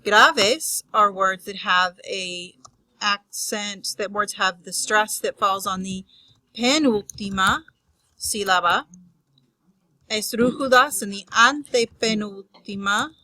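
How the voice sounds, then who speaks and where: A woman teaching a lesson on grammar rules, unscripted with restarts and fillers, spelling out terms slowly. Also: medium pitch, pushed and bright, dry recording, rough recording. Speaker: Spanish teacher.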